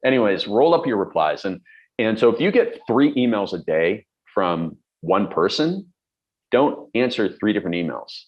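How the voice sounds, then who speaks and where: A man's voice: lowish voice, very animated, moderate pace, highs cut off. A middle-aged man coaching on productivity, talking bluntly and emphatically with everyday examples. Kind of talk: direct-to-camera advice talk.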